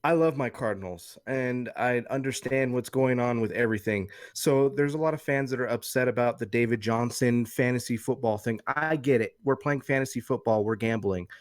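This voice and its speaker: A man in his thirties co-hosts a podcast, telling a long, rambling, profane story in casual chat. His ordinary mid-pitched voice moves at a moderate pace with hardly any pauses, recorded close to the mic with a dry, dead sound.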